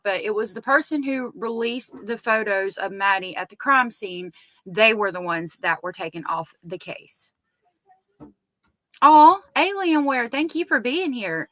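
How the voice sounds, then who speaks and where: A woman's voice: medium pitch, pushed and bright, no echo. A woman with a Southern US accent hosting a casual true crime live stream, chatting and greeting viewers by name.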